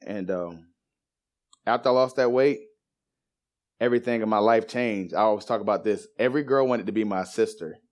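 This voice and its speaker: A man in his thirties giving a personal faith testimony, telling it as a lively story and acting out the voices of the people in it. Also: fairly low pitch, normal speed, long pauses. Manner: animated storyteller who acts out quoted voices.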